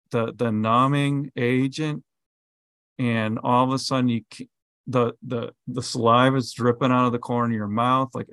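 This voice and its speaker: A man's voice: medium pitch, no echo. A male podcast co-host explaining scripture in a casual way, full of fillers and everyday analogies. The recording is dry and close, with almost no room sound. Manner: animated explainer, with many fillers and vivid analogies. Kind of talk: bible study conversation.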